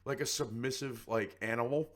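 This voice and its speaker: A man's voice: medium pitch, moderate pace, a crowd in the background. A man co-hosting a podcast, telling a story in casual chat and acting out other people's voices. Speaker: podcast co-host.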